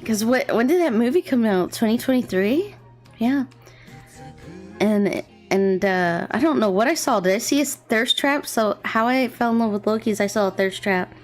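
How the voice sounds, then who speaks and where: A young woman streaming as a VTuber, chatting casually and rambling while she draws, keeping her voice deliberately low and soft. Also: lively intonation. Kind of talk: relaxed casual chat while drawing on stream. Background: faint gentle background music.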